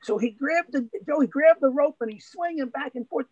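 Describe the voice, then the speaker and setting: A man's voice: extremely high pitch, fairly quick, few pauses, darkish tone, dry recording. A man hosting an event, telling a joke and introducing a speaker, rambling with many fillers and restarts. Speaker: event host. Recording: dull, dry sound.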